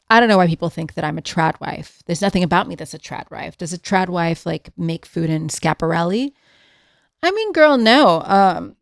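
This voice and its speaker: Gravelly, chatty woman podcast host. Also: on the low side, no room sound, clean studio sound. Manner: chatty, sarcastic, full of fillers. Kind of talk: casual commentary.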